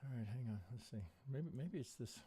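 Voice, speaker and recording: A man's voice: medium pitch, expressive, brisk, dark tone, slight background noise. A man hosting a live stream chart review, thinking aloud with rhetorical questions and swearing under his breath in frustration. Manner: frustrated, swearing, muttering to himself. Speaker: trading analyst and live stream host.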